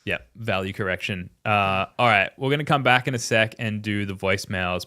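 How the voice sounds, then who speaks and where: A man co-hosting a casual sports podcast, relaxed and quick to laugh, who also reads the sponsor ads. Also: fairly low pitch. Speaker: podcast co-host.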